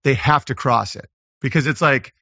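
A man, a comedian, talking casually as a podcast guest, rambling and riffing with quick impressions. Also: medium pitch, pushed and bright, no room sound, muffled recording. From Los Angeles.

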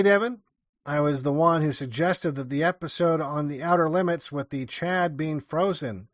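Offhand man with a slightly high voice. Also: fairly bright tone, no room sound. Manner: offhand and rambling. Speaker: livestream host. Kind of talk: casual livestream chat, reading viewer donations. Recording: dull lo-fi dry sound.

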